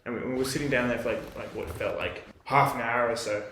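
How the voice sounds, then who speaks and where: A young Australian man co-hosting a podcast rambles through a camping story in a laid-back way, dropping "like" constantly. His medium-pitched, fairly bright voice is quick and fairly even, with slight background noise and a roomy echo.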